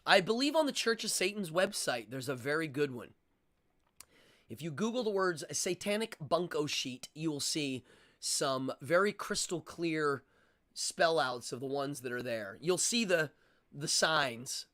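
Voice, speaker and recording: Male streamer, casual and opinionated, slightly higher voice, rambling delivery. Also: expressive, unhurried, pushed and bright. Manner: rambling, opinionated, with frequent fillers and restarts. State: out of breath. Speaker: livestream host. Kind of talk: casual livestream chat.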